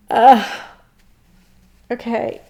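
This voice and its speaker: A woman's voice: on the high side, dark tone. A woman giving a tarot reading to camera, gushing and tearful, laughing through her emotion. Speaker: tarot reader.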